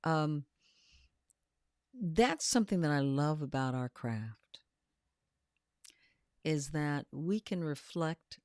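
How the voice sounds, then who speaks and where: A woman co-hosting a casual panel chat, telling animated stories and acting out what people say. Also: low voice, no echo, clean studio sound. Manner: animated storyteller who acts out quotes. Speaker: podcast co-host.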